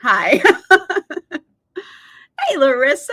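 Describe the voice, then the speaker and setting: A woman's voice: a little high, animated, unhurried, a bit bright. A woman in her thirties hosting a casual reading livestream, chatty, swearing casually and laughing often as she reads out chat replies.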